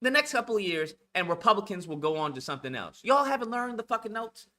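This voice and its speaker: A man's voice: sits high, big pitch swings, quick pace, pushed and bright. A man delivering a heated, profane monologue rant as a channel host, blunt and repetitive, lecturing his listeners.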